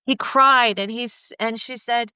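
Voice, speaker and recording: A woman's voice: a little high, fairly even intonation, slow, sharp tone, clear, resonant tone, no room sound. A middle-aged woman sex therapist telling candid stories in casual conversation, acting out the voices of the people she quotes. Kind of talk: conversational storytelling.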